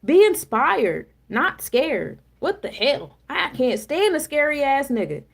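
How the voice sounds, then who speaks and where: A woman reading tarot on a casual livestream, blunt, profane and preachy, shifting between low calm explanation and loud emphatic challenges. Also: slow, creaky. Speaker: tarot reader and spiritual coach.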